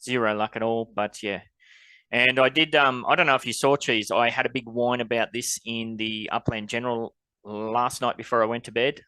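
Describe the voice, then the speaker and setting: A man with an Australian accent, co-hosting a podcast and rambling along in an easy, wry manner. His voice is bright, and the recording is dry and close. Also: medium pitch, fairly even intonation, moderate pace, clean tone, no room sound. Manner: laid-back, rambling, wry. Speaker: podcast co-host. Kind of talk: casual chat.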